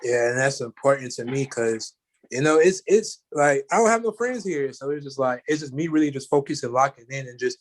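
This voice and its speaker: A guest in a casual conversation tells a story in an easy, middle-pitched voice, wandering along with lots of "you know" and "like." His delivery is loose, conversational, and brisk.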